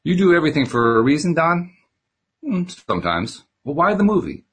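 A man's voice: fairly high pitch, big pitch swings, a little fast, fairly bright tone, slightly rough, pitched above the performer's own voice, full character voice. A man voicing an irked, earnest male pilot telling his own story in a novel read aloud, protesting in a raised voice.

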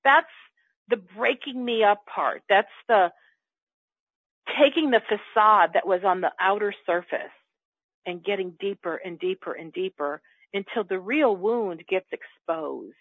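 An earnest woman coach explaining her self-help method in a relaxed, conversational way. Her voice comes through a tinny, phone-like line with a dry, close sound and no room echo. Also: mid-range voice, measured pace. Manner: earnest, acts out her own inner dialogue. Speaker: coach working with clients.

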